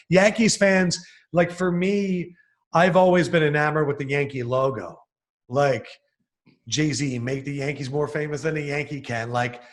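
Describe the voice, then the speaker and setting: His voice a little high, a young sports television host from the Philadelphia region spins stories in an easygoing podcast interview, punctuated by animated bursts of excitement.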